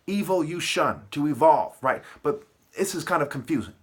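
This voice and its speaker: A man's voice: on the high side, lively intonation, moderate pace, breathy edge. A man delivering a profane, aggressive, rambling monologue full of rhetorical questions. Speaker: vlogger.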